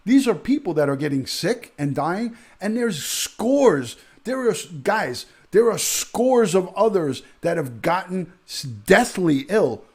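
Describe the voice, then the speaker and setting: A middle-aged man hosting a live stream, his voice sitting a little high for a man. He rants with outrage and hammers his points home. He keeps repeating himself and restarting sentences mid-thought. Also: big pitch swings, takes it slowly, few pauses, a little mellow, breathy edge. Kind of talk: heated live-stream rant.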